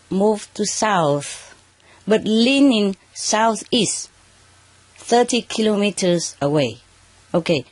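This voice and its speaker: Spiritual teacher with halting, non-native English. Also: medium pitch, a little mellow, dry recording. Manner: halting, non-native English phrasing, frequent checks like "okay" and "huh". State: slightly emotional at moments. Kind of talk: live address to an audience, reading out a list. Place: under bright spotlights, indoors.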